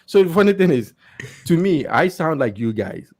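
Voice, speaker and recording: A man with a Nigerian accent, co-hosting a podcast in casual chat, animated and often laughing, with stumbling restarts. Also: on the high side, normal speed, breathy edge. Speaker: podcast co-host.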